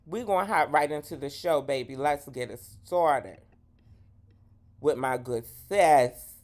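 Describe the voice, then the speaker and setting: A woman hosting a live gossip show, talking in a sassy, profane, dramatic way and swooping into high exclamations. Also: expressive, unhurried, darkish tone. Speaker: host.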